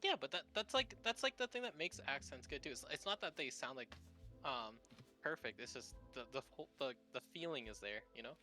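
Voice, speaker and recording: A man's voice: mid-range voice, expressive, fairly quick, pushed and bright, soft background music. A man with a Canadian accent chatting on a live stream, rambling with many restarts and casual swearing.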